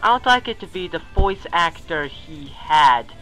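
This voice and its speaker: A man's voice: fairly high pitch, animated, unhurried, sharp tone, faint music behind, rough recording. A young man giving a casual countdown commentary in a chatty, rambling way, often correcting himself. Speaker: video commentator.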